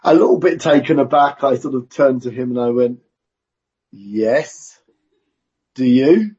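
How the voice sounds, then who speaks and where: A man preaching a sermon in a church, measured and conversational with self-aware asides. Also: medium pitch, a little mellow, slightly rough. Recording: dull lo-fi recording.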